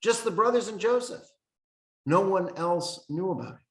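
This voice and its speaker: A man delivers a Torah lesson in an earnest, explanatory way, stopping to quote sages and verses. His voice sits a bit high for a man. The recording is roomy and echoey. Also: lively intonation, normal speed. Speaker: rabbi teaching a Torah lesson. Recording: echoey room.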